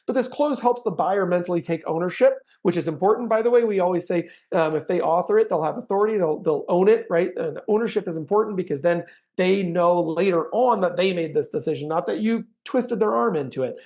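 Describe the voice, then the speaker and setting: High-energy guy coaching real estate agents, bit of gravel in his voice. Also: fairly quick. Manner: animated, acts out sales dialogues with big swings in energy. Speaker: sales trainer. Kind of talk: energetic sales training talk.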